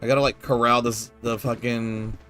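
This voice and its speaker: A man's voice: medium pitch, flat delivery, moderate pace, a bit bright, soft background music. Laid-back rambling male game streamer. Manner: rambling, laid-back, many fillers, casual swearing. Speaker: gameplay streamer. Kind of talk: casual gameplay commentary.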